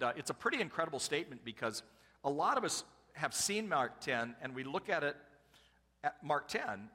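A middle-aged man preaching, his bright, forward voice ringing out in a large church hall with a long reverb tail. He tells stories casually and pokes fun at himself. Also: mid-range voice. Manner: self-deprecating, conversational storyteller. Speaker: pastor. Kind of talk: sermon with personal storytelling.

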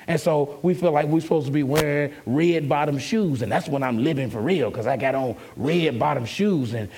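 A man's voice: a little high, a little mellow, breathy edge. A man preaching an emphatic, conversational sermon as a pastor and calling out to his congregation.

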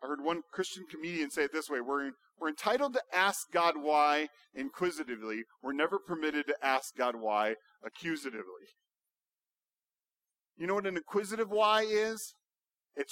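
A male pastor preaching a sermon, building to loud, emphatic rhetorical questions. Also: on the high side, a little fast, no echo.

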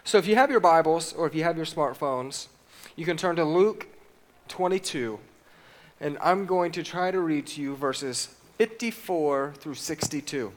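A man's voice: fairly high pitch, animated, normal speed. A man preaching a sermon, reading scripture aloud and putting questions to the congregation.

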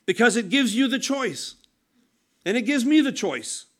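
High-voiced earnest male preacher. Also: expressive, a little slow. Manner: earnest, emphatic, with frequent restarts and asides. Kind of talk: conversational sermon.

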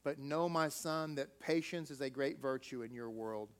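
A man's voice: medium pitch, clear, resonant tone, pitched below the performer's own voice, close to an everyday voice. A man voicing the spirit of a grieving mother who whispers tenderly from her grave. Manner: hushed, slow and tender.

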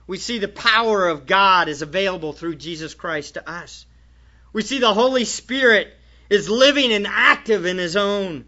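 A pastor preaches to his congregation in a high, animated, bright, forceful voice, taking his time. He is emphatic and fires off many rhetorical questions, captured in a dull, lo-fi church recording.

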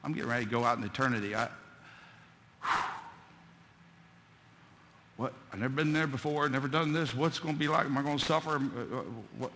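Male preacher, impassioned church sermon, bright tone, reverberant hall. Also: mid-range voice, fast talker, a little hiss or hum. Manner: fervent preaching, rising to shouts. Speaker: pastor.

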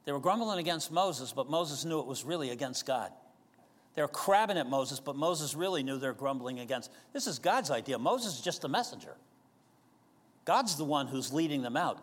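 A man preaches briskly in a slightly high voice with lively intonation, and a long reverb tail trails his words. As pastor, he keeps the sermon conversational, casually asking his listeners questions.

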